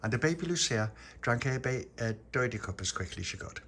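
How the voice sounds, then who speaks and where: A man telling a homemade bedtime story in a playful way, sometimes slipping into squeaky character voices. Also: lively intonation, quick pace, fairly bright tone, slight background noise.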